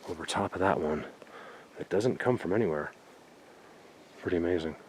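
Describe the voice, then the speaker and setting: A man vlogging outdoors in a forest, excitedly showing viewers what he finds and sometimes dropping to a whisper. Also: low-pitched, moderate pace, a little hiss or hum. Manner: excited, talks to viewers, drops to a whisper at times. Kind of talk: outdoor exploring vlog.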